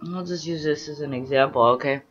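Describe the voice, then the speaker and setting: A woman's voice: sits low, a little fast, muffled recording. A young adult woman vlogging, rambling through a story of her day with many fillers and restarts. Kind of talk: casual storytelling monologue.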